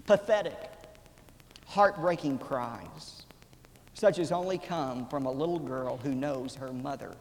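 Gravelly preacher in his forties. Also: on the high side. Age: 40s. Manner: dramatic storytelling, swelling loud then dropping to a whisper. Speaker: pastor. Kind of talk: sermon. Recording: reverberant hall, faint background noise.

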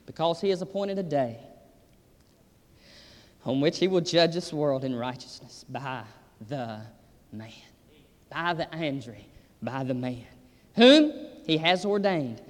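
A man's voice: fairly high pitch, lively intonation, slow pace, long pauses. A man preaching a sermon with emphatic, repetitive exhortations. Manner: emphatic, repeats "I'm telling you". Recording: reverberant hall.

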